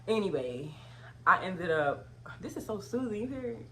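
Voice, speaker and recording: Animated woman telling a storytime. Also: medium pitch, moderate pace, a little hiss or hum. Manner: animated, swings into loud outraged retellings. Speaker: vlogger. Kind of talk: casual storytime.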